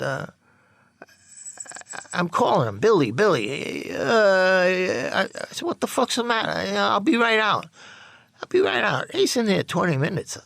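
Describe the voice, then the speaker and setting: Gravelly, profane New man. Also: on the high side, fairly bright tone, dry recording. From New York. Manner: blunt, profane street talk, acts out quoted voices. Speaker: storyteller recounting his past. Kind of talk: candid spoken memoir.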